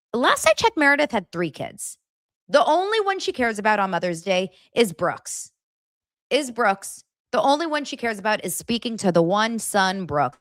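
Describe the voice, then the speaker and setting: On a chatty podcast, a woman recaps reality TV with animated, gossipy energy, her pitch swinging widely as she often leaps into high, mocking impressions of cast members. The recording is dry, close to the mic, and free of echo.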